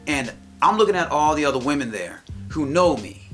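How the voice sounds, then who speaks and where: A man's voice: on the high side, animated, brisk, fairly bright tone, soft background music. A man telling a personal story in a rambling, casual podcast chat, with many restarts. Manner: rambling, restarts, quotes others in raised voice.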